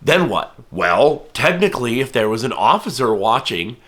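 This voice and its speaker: An American man who works as a falconer explains hunting rules to the camera in casual, earnest talk, sometimes acting out what other people might say. His mid-range voice swings widely in pitch, with a fairly bright tone at a normal pace.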